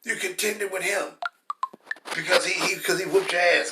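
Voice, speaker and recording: Man, fairly high and bright, emphatic and profane Bible teacher; reads verses slowly; distant, echoey recording. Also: fairly even intonation, noisy background. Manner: blunt, profane, repetitive and emphatic; reads scripture slowly and forcefully. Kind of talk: informal preaching with scripture reading. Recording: roomy echo from a distant mic.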